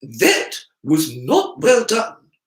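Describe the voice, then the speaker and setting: A man's voice: fairly high pitch, wildly swooping pitch, drawn-out words, roomy sound, pitched above the performer's own voice, exaggerated voice, rough recording. A man voicing a strict older witch professor with a precise, clipped Scottish accent. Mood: stern.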